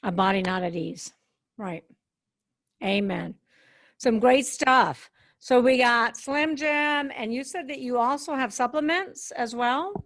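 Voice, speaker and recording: A woman hosting a podcast interview, slow and affirming as she listens. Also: a little high, a bit bright. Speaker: host.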